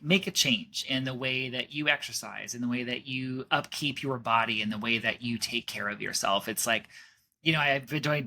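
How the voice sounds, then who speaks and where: A man's voice: medium pitch, pushed and bright. A man giving a casual astrology forecast, chatty and rambling, with many fillers and restarts.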